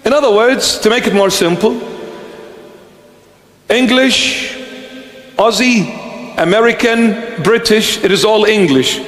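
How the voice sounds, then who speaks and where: Bishop guy preaching slow, high voice, long church reverb, repeats himself for emphasis. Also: a bit bright. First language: Aramaic. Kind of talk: sermon. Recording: echoey church hall.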